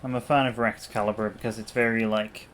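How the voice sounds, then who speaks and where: A man's voice: fairly low pitch, little pitch movement, brisk, a bit bright, slight background noise. A man co-hosting a game stream, making dry, understated remarks in casual chat.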